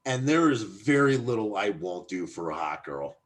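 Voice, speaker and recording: Man, expressive pitch, crude jokes, casual podcast banter. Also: moderate pace. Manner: crude, joking, shameless banter. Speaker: podcast guest.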